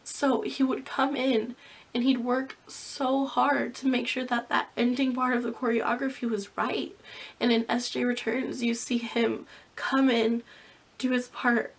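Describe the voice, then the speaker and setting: Young female vlogger, slightly high voice, earnest and teary, talks in rambling bursts. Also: flat delivery, a little slow, gravelly, husky. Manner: emotional, earnest, rambling with "like" fillers. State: tearful. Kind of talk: reaction vlog rant.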